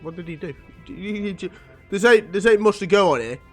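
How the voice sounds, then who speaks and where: A man's voice: high-pitched, a little slow, fairly bright tone, faint music behind. A man reading a comic aloud with casual, wisecracking, swearing asides. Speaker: comic book reader.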